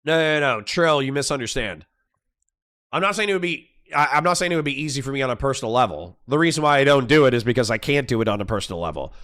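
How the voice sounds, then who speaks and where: A young man arguing bluntly and profanely in a heated online debate, reading out points and rebutting them quickly. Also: mid-range voice, expressive, a bit bright. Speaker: debater and streamer.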